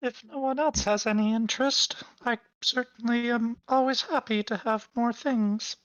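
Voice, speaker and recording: A woman's voice: fairly high pitch, steady tone, normal speed, a bit bright, no echo. A woman playing a tabletop game, talking in a polite, upbeat way. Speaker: player. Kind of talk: casual tabletop play. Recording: dull lo-fi mic, dry sound.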